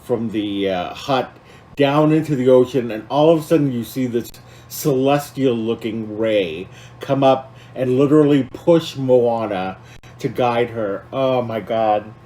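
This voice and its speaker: A man's voice: medium pitch, a little slow, warm tone, rough recording. A man co-hosting a podcast, talking casually and with feeling, rambling with many fillers and restarts. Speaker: podcast co-host.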